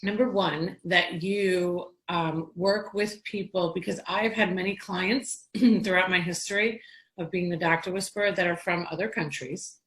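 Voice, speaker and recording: A woman's voice: fairly low pitch, fairly even intonation, unhurried, a bit bright, low-quality recording. A woman from Long Island, New York, hosting a casual interview, chatty and telling stories with frequent restarts. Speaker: podcast host.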